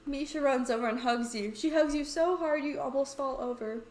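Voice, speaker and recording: A woman's voice: high-pitched, moderate pace, darkish tone, roomy sound. A woman playing and reading a story game aloud, with playful, chatty asides. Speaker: let's play host.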